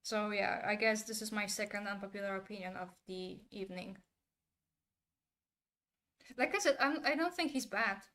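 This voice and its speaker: A woman giving her candid opinions in a casual monologue, turning animated when she imitates actors' delivery. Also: mid-range voice, normal speed, long pauses. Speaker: commentator.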